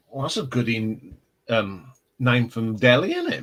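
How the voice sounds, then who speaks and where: A man's voice: medium pitch, very animated, a little slow, fairly bright tone, low-quality recording. A man hosting a casual live stream, chatting and telling rambling stories. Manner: rambling, chatty storyteller with restarts. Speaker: livestream host.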